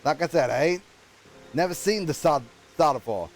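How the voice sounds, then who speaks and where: A man voicing a gruff, hard-drinking male gunsmith instructor in a put-on rough British accent, reading game dialogue aloud and stumbling over words. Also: a little high, lively intonation, normal speed, soft background music, poor audio. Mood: grumbling. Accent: put-on rough British-style.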